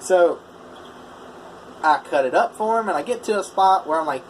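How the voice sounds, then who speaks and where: A man's voice: high-pitched, expressive, moderate pace, slight background noise, poor audio. A man, a welder, casually telling a story in a vlog, rambling with lots of fillers and restarts. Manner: rambling, full of "you know" and "I was like".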